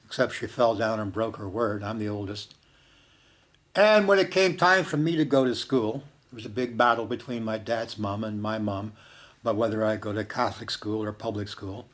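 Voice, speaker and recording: Older man, from Canada, personal storytelling monologue, slow reflective delivery. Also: fairly low pitch. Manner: slow, reflective, with hushed quoted lines.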